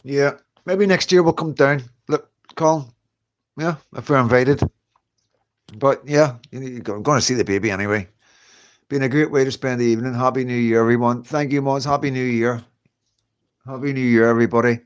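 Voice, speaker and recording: A man's voice: medium pitch, fairly even intonation, brisk, clear, resonant tone. Chatty man livestreaming. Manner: chatty, reassuring, keeps saying "you know what I mean". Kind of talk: casual livestream chat. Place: at home, indoors.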